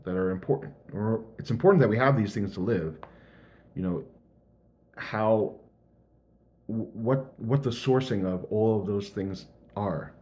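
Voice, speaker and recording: A man's voice: lowish voice, unhurried, long pauses, darkish tone. A young man thinking aloud in a casual, earnest vlog monologue.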